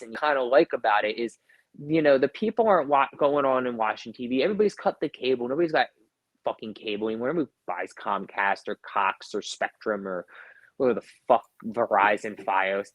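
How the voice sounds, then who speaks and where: A man's voice: medium pitch, brisk, no echo. A man in his thirties co-hosting a podcast, telling profane, rambling stories in casual chat, packed with fillers and quoted back-and-forth. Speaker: podcast co-host.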